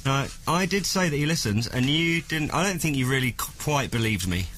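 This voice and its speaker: Radio host man, chatty and teasing, mid-pitched, faint studio hiss. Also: animated, a little fast, fairly bright tone. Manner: chatty, teasing, laughs often. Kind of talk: casual radio banter.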